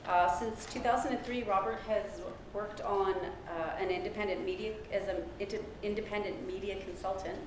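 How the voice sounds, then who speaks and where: A woman's voice: medium pitch, steady tone, normal speed, few pauses. Woman introducing a speaker, echoey hall. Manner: hesitant, many fillers. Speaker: event host introducing the speaker. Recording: very echoey room, background noise.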